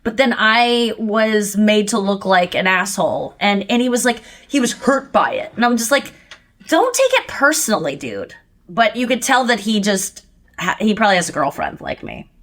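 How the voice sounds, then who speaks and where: A woman's voice: mid-range voice, normal speed. A woman hosting a podcast in casual chat, telling stories with lots of animation, acting out what people said and laughing as she talks. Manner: animated storytelling, acts out people's lines; laughs often while talking. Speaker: podcast host.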